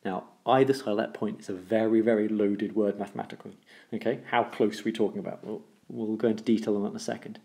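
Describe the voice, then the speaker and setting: A man's voice: fairly low pitch, steady tone, quick pace. A man teaching a recorded maths lesson, explaining step by step, repeating the key rules and checking in with "okay?". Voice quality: gravelly, dark voice.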